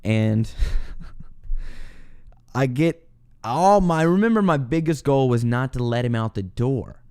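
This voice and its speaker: A young man hosting his own podcast, telling a story in a casual, animated way, swearing, laughing and acting out what people said. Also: medium pitch, slow, smooth. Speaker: podcast host.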